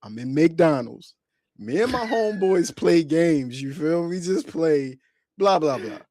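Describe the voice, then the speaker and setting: A man hosting a casual podcast, telling stories with lots of laughter and animated delivery. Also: fairly high pitch, measured pace, no echo. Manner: animated storyteller, laughs a lot. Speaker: podcast host. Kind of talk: casual chat.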